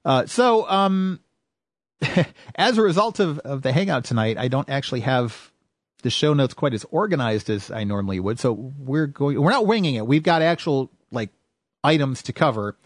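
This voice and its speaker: A man's voice: mid-range voice, lively intonation, moderate pace, no room sound, clean studio sound. Chatty American man hosting a podcast. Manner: chatty, rambling with many fillers and restarts. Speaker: podcast host. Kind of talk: casual podcast chat.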